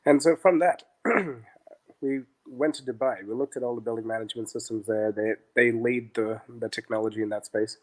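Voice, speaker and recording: A middle-aged man speaks at an ordinary pitch as a guest on an interview podcast. He tells his business stories casually, slipping into other voices as he quotes the people in them. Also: moderate pace. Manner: animated, acts out dialogue in quotes. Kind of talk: conversational storytelling.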